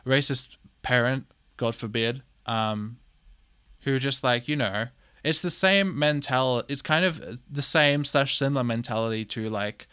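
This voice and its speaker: A young man in his twenties holds forth alone on his podcast in a blunt, exasperated voice of middling pitch. He swears freely, circles back with repeated words and fillers, and sounds close to the mic in a dry, deadened space. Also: a little slow, a bit bright, clear, resonant tone, no room sound. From Australia. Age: 20s. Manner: repeats phrases for emphasis, many fillers. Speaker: podcast host. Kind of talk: opinionated solo podcast monologue.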